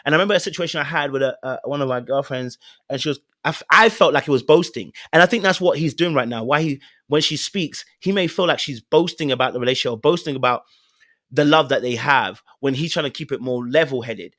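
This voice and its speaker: Host, male, fairly high voice, dry close sound, earnest and animated breakdown of a clip. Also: brisk, no echo. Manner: earnest and animated, direct address to the viewer. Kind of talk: relationship commentary on a video clip.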